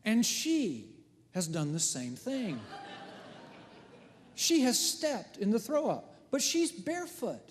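Animated pastor preaching in a hall. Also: male voice, sits high, takes it slowly, long pauses, slight background noise. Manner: animated storytelling, swings from hushed to loud. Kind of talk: sermon. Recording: long hall reverb.

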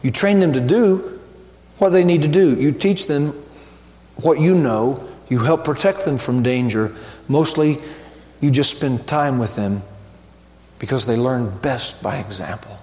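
A man preaching a sermon as pastor, slow and emphatic, building to ringing repeated refrains. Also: medium pitch, a little mellow, echoey room, long reverb tail.

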